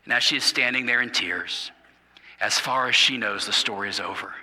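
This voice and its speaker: Bright-voiced pastor in a reverberant hall. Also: male voice, mid-range voice, normal speed. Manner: dramatic storytelling, dropping to hushed tones; stumbles and repeats words. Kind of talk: sermon. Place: church sanctuary.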